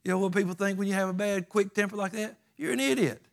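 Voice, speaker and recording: A man's voice: sits high, quick pace, vocal fry. A man preaching a sermon in a folksy, emphatic way, with plain rural grammar.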